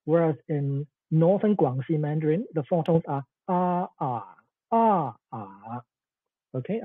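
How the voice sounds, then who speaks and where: A man's voice: fairly high pitch, breathy edge, dry recording. A man giving an online academic lecture, explaining with frequent "okay"s and fillers over a video call. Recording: tinny, dry phone-like call audio.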